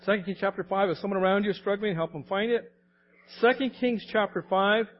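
A man's voice: sits high, fairly even intonation, fairly quick, dull audio. A man in his late forties or older preaching a sermon in a conversational, anecdotal way, often laughing as he talks. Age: late 40s or older. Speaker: pastor.

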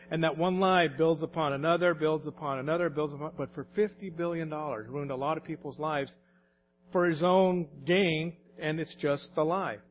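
A man's voice: a little high, muffled recording, a little hiss or hum. A man preaching a sermon in a folksy storytelling way, often repeating his words as he goes.

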